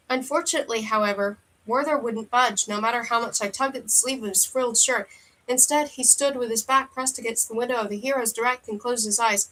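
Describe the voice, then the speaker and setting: A woman with a slightly high voice reads a fantasy novel aloud. Her narration is steady and plain, with the occasional small stumble she corrects as she goes. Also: low-quality recording. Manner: steady first-person narration with occasional slips. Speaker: audiobook reader.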